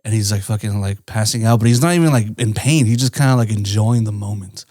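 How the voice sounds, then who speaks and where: A man's voice: on the low side, fast, a little mellow, dry recording, studio quality. A man co-hosting a podcast, casually retelling a story in a rambling way with lots of swearing and "right?" tags. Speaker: podcast co-host. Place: indoor podcast studio.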